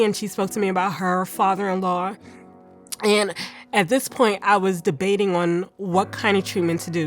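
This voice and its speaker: A woman telling her own story in a casual personal testimony, talking conversationally with many fillers and restarts. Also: lowish voice. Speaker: cancer survivor giving a testimony.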